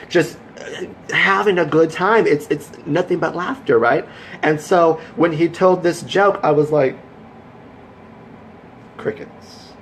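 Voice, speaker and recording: A man vlogging, telling a rambling, animated story to his viewers that builds into a motivational pep talk. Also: fairly high pitch, slight background noise, low-quality recording. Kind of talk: casual storytelling vlog.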